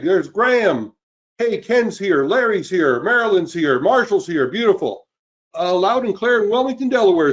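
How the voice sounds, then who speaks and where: A man in his fifties hosting a live webinar sales pitch, upbeat and greeting listeners by name. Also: highs cut off. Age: 50s. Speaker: webinar host. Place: cold indoor room.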